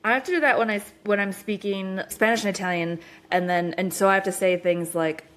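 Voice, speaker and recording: A woman with an American accent hosts a podcast in an easy, chatty manner. She strings thoughts together with quick asides and filler words. Her voice sits at an ordinary middle pitch. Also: fairly even intonation, fairly bright tone. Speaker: podcast host. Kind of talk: casual podcast conversation.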